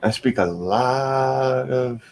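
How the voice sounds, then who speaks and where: A man in casual chat, easygoing and quick to laugh along. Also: mid-range voice, darkish tone. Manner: laughs often, easygoing banter.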